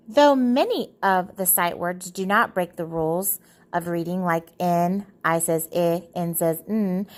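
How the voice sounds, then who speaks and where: A woman teacher guides parents through how children learn to read. She explains patiently and slows down to sound out letters and short words as examples. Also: medium pitch. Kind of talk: phonics lesson for parents.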